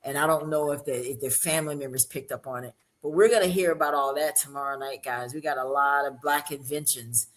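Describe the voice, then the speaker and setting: A woman from Alabama with a Southern accent, hosting a casual panel chat with lively, teasing, folksy talk. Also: low-pitched, brisk, few pauses. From Monroeville, Alabama. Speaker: show host.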